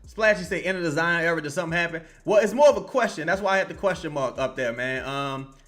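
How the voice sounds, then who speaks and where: Over soft background music, a young man with a higher-pitched voice talks at a quick clip as he streams a basketball watch-along. Profane and excitable, he shouts at the players, then cools off, repeating himself and calling out chat viewers by name.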